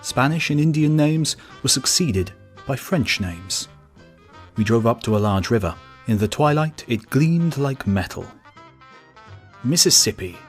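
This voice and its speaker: Steady male audiobook narrator. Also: mid-range voice, unhurried, faint music behind. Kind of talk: scripted narration.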